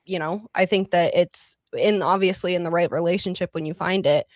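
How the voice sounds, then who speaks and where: Married woman on a talk show, kinda low voice, calm, dry close sound. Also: fairly quick, dry recording. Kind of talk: casual conversation.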